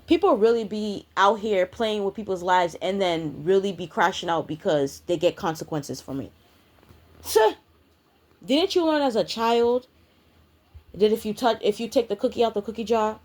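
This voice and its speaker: A woman's voice: mid-range voice, lively intonation, moderate pace, darkish tone. Woman, spiritual vlogger, profane confrontational rant. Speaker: spiritual content creator. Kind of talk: ranting vlog monologue.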